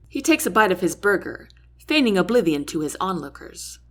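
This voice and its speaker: Lively woman reading a novel aloud. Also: a little fast. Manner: lively, shifts pitch and loudness for each character. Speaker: audiobook reader. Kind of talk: first-person novel narration with character voices.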